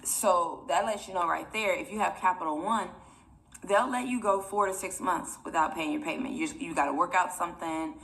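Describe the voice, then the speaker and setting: A woman's voice: fairly low pitch, normal speed, vocal fry, fairly bright tone. A young woman vlogger telling a personal story to her viewers in a rambling, chatty way, often close to tears. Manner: emotional, near tears.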